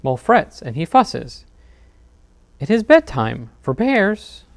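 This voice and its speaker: A man reading picture books aloud as a librarian at a bedtime storytime, expressive with dramatic pauses. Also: on the high side, vocal fry. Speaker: children's librarian.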